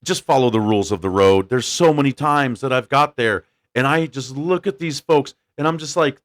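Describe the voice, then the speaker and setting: A man hosting a relaxed podcast chat, his voice at an ordinary middle pitch for a man. He talks bluntly and tells stories with animated energy, jumping into the voices of the people he quotes. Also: moderate pace, hardly any pauses. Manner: animated storyteller, acts out quotes. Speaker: podcast host. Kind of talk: casual chat.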